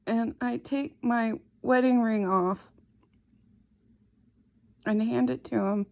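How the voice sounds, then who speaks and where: A middle-aged woman slowly and haltingly retelling a painful personal story. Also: fairly high pitch, steady tone, gravelly, darkish tone. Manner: slow, halting, emotional retelling. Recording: dull lo-fi recording.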